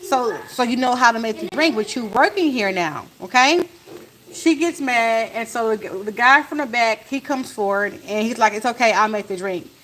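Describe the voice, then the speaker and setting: Animated woman telling a story. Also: fairly high pitch, moderate pace, hardly any pauses, a little hiss or hum, low-quality recording. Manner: animated, acts out what was said. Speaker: family vlogger. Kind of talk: casual storytime chat. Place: home kitchen while cooking. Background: faint sizzle of frying food.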